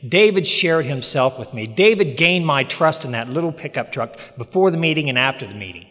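High-voiced man telling stories. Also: animated, brisk, bright, forceful tone. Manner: plainspoken, humorous, emphatic retelling. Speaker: speaker sharing recovery story. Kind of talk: folksy storytelling talk. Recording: long hall reverb.

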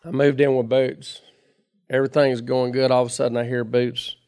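A man's voice: mid-range voice, level tone, normal speed, a little mellow, smooth. A middle-aged man telling his recovery story in a folksy, chatty way, laughing at himself. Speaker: recovery meeting speaker. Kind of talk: personal storytelling talk.

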